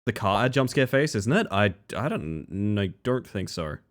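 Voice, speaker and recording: A young man chatting casually with his livestream audience, swinging between nervous mumbling and excited high outbursts. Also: unhurried. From Western Australia.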